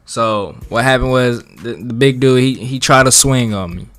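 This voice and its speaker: A man telling a wild story in a casual storytime vlog, slangy and profane, swinging from loud bursts to mutters. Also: mid-range voice, moderate pace.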